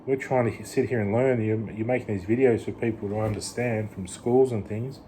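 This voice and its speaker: A man rambles through a casual vlog monologue, restarting his sentences and dropping in "you know". His voice sits low and mellow. Faint background noise runs underneath. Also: fairly even intonation, moderate pace. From Australia. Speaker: vlogger.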